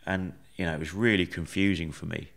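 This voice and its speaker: Low-voiced man telling his story. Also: fairly even intonation, creaky, a bit bright. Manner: measured, reflective, with many fillers. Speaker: podcast guest. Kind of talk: conversational storytelling.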